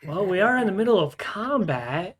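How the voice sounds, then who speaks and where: A man's voice: high voice, very animated, normal speed, fairly bright tone. A man narrating a tabletop game as game master, hesitant, with frequent fillers and restarts.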